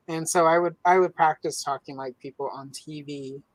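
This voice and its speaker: A low-pitched woman from the American South chats casually as a show host, spinning joking stories with an easy drawl. Her voice sits close and dry, with almost no room sound around it. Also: moderate pace, dry recording, rough recording. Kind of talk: casual podcast chat.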